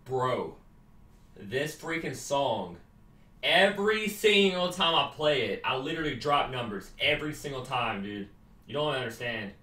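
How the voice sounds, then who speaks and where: Young man, brash heated gamer rant, unhurried delivery, distant echoey room sound. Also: mid-range voice, lively intonation. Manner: heated, brash, swings from yelling to mumbling. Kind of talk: comedy skit, trash-talking over voice chat. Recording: roomy echo, voice set back from the mic.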